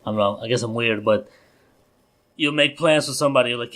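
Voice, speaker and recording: A man's voice: medium pitch, fast, fairly bright tone. A man with a Colombian Spanish accent co-hosting a podcast in profane, rambling, self-mocking casual chat. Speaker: podcast co-host.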